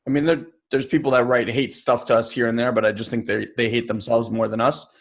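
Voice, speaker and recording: A young adult man co-hosting a personal development podcast, telling stories in an animated way and acting out the people he quotes. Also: mid-range voice, a little fast. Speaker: podcast co-host.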